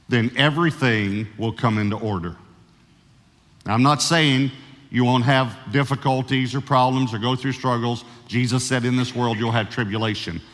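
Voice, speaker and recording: A man preaching to a big church congregation, his mid-pitched voice carrying long reverb through the sanctuary. He drags out key words for emphasis and trips into quick restarts now and then. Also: a bit bright. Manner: slows down to stress key words, with false starts. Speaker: pastor. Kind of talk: sermon. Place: large church.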